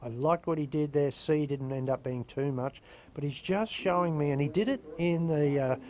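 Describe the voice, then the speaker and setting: A man's voice: on the high side, moderate pace, a little mellow, poor audio. A man commentating live surfing from a booth, chatty and enthusiastic. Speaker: surf commentator.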